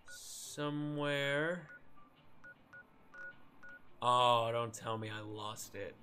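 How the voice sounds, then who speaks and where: Bright-voiced young man streaming a game. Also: medium pitch, very slow, soft background music. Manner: rambling and self-deprecating, laughs often, swears, yelps at scares. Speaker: streamer playing a modded game. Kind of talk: casual gameplay commentary.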